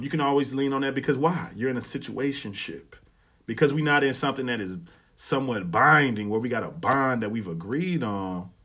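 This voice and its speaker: Animated man podcasting in AAVE. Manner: animated storytelling, acts out quotes with rising pitch, swears freely. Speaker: podcast host. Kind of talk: casual solo podcast commentary.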